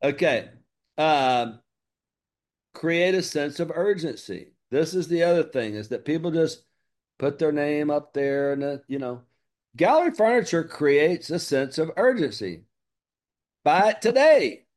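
A man's voice: fairly high pitch, lively intonation, a little slow, a little mellow. A man, giving a coaching talk to his group about marketing. He talks with energy, leaning hard on key words and repeating them. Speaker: business coach.

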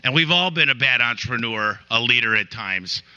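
Bright-voiced man giving a motivational talk. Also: mid-range voice, expressive, fairly quick, clear, resonant tone, highs cut off. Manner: storytelling with repeated restarts. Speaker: business owner giving a talk. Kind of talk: motivational speech. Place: room with an audience.

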